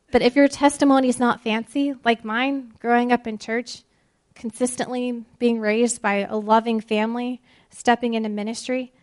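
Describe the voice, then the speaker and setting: Earnest woman giving a devotional talk. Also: on the high side. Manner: earnest, with emphatic slow pauses. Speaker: ministry speaker. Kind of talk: devotional sermon.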